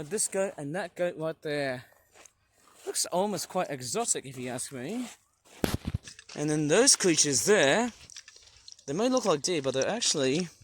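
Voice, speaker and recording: Walking around a farm, an Englishman vlogs with enthusiasm, chatting away and cracking puns as he records outdoors on a handheld tablet. His voice is a little high, and there's a faint hiss or hum.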